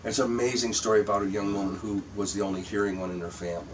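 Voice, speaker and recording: An older man with a lowish voice tells rambling, profane stories from his years on stage, acting out the people in them. He sits back from the mic, and a faint hiss runs under the talk. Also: steady tone, racing, far from the mic, poor audio. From Michigan. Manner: anecdotal, profane, restarts and acts out quotes. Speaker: guest comedian. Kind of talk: casual storytelling chat.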